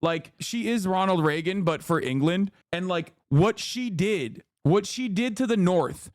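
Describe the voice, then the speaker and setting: A man's voice: high-pitched, animated, measured pace, no room sound, clean studio sound. A man giving casual, profane reaction commentary as a streamer, ranting animatedly.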